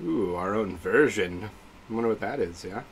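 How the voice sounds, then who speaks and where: A man's voice: lowish voice, expressive, moderate pace, slight background noise. A man streaming live, reacting to announcements with gushing exclamations and greeting his chat viewers.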